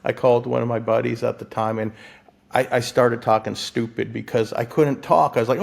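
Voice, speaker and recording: A gravelly-voiced man from Florida tells his story as an interview guest. He is excitable and stumbles over his words with frequent restarts, laughing often. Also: medium pitch, moderate pace. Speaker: guest, physician and lottery winner.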